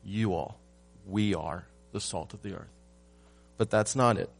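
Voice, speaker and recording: Male pastor, measured sermon delivery, rhetorical questions, soft music underneath. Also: fairly low pitch, vocal fry, slightly rough. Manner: rhetorical questions, swings from loud emphasis to hushed.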